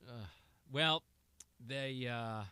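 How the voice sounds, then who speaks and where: Man, sports radio co-host, bright crisp voice, dry close studio mic, laid-back banter. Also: mid-range voice, extremely slow, no echo. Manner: laid-back, chuckling, easy storyteller. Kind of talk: casual sports talk chat. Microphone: studio microphone.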